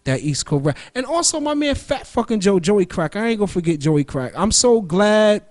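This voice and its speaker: A man's voice: high-pitched, big pitch swings, moderate pace. A man hosting a radio show, talking in a loose, profane, rambling monologue that jumps from topic to topic. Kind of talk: casual solo monologue.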